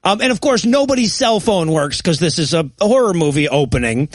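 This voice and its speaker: Sarcastic high-voiced man recapping a movie. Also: animated, brisk, slight background noise. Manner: rambling, sarcastic, laughs often. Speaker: podcast co-host.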